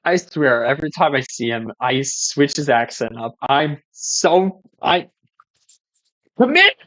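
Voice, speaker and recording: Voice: medium pitch, unhurried, no echo. A YouTube gamer giving loose, self-mocking let's play commentary.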